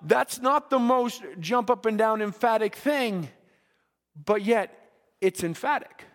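A man's voice: high voice, takes it slowly, big-room sound. A man preaching a sermon to young people, earnest, often repeating words as he builds a point. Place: church.

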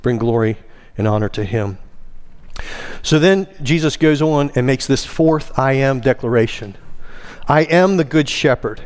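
In a church sanctuary, a pastor delivers a sermon in an unhurried, clear voice that's resonant and a little mellow. He stresses key words emphatically, rising in pitch on them, and leads the congregation in call-and-response recitation.

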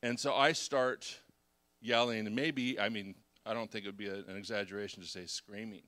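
A middle-aged pastor preaching with a bright, forward voice. He tells his confessions in a storytelling way, dropping to a hush and then climbing into loud, lively bursts. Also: on the low side, normal speed. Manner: confessional storytelling, swings from hushed to loud and animated. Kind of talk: sermon.

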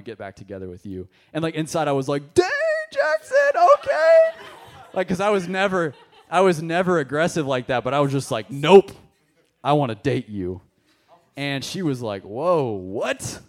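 At a church service, a young pastor with a mid-range voice preaches fast, recounting a personal story in a casual, animated way. He speaks directly to the congregation.

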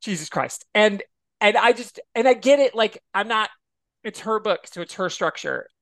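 A man's voice: high voice, lively intonation, moderate pace, a bit bright, no echo. A man guesting on a podcast, chatting casually and expressively and swearing freely. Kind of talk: casual chat.

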